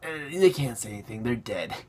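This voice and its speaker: A man's voice: medium pitch, moderate pace, fairly bright tone. A man ranting sarcastically as a vlogger, breaking into laughs between points. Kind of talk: ranting commentary.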